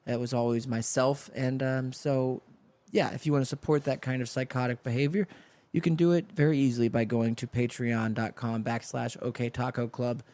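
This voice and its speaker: A man's voice: medium pitch, steady tone, normal speed, darkish tone, no room sound. A man hosting a solo comedy podcast, rambling through a story and slipping into voices for the people in it. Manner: rambling, riffing with acted-out voices. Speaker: podcast host. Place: home studio.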